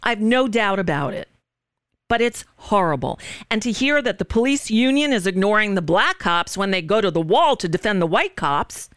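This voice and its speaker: Impassioned woman talk-radio host, lively pitch. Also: moderate pace, clear, resonant tone, no echo, clean studio sound. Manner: impassioned, indignant storytelling. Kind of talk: political talk show commentary.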